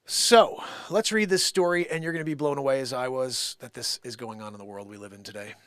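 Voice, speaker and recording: A man's voice: mid-range voice, brisk, a bit bright, no room sound, studio quality. A man hosting a live comedy stream, reading a news story in a playful mock radio-announcer style and laughing along. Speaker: live music and comedy show host.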